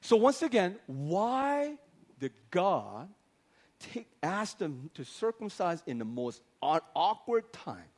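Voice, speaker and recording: A man preaching a sermon, animated and joking, acting out the voices of biblical figures as he tells the story. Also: high voice, slow pace. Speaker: pastor. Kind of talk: lively comic sermon.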